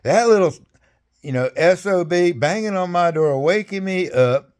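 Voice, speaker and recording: A man's voice: sits high, lively intonation, normal speed, darkish tone, clean tone. An older man recounting his service in a rambling, folksy way, speaking casually over a video call. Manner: rambling, folksy, salty, chuckling. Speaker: veteran interviewee. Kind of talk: casual storytelling interview.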